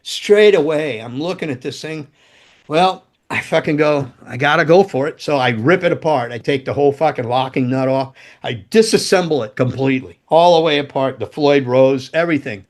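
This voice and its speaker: Older man, podcast guest, swearing storyteller, animated, casual. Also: on the high side, moderate pace. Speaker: podcast guest, former rock roadie.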